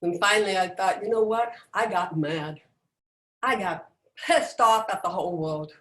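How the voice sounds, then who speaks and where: A middle-aged woman giving a personal motivational talk, emphatic and dramatic, with deliberate pauses, over a video call. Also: medium pitch, fairly bright tone. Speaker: motivational speaker. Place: indoors, at home on a video call. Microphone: video call microphone. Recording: roomy echo.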